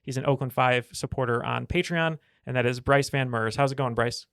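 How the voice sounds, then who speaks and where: A man's voice: medium pitch, a little fast, a bit bright, dry recording, clean studio sound. A man hosting a podcast in a chatty, upbeat way with many fillers. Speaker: podcast host. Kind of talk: casual podcast chat.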